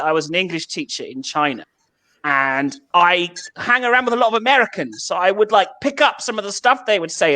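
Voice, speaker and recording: Male stand-up comic, bright voice, self-mocking storytelling. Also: very high-pitched. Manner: self-deprecating anecdotes with acted quotes. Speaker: stand-up comedian. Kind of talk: stand-up comedy.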